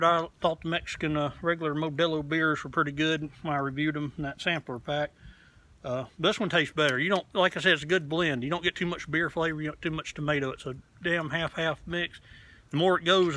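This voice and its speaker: Outdoors, a man hosting his own beer review channel chats in a casual, rambling and frank way, swearing offhandedly. His voice is on the high side with a sharp tone, and there's slight background noise.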